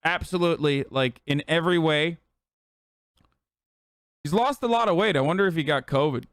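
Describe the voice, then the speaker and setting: A man hosts a political commentary stream, firing off sarcastic, profane rants. His voice is high for a man and smooth. The room sound is dry and close to the mic. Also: normal speed, a bit bright, dry recording.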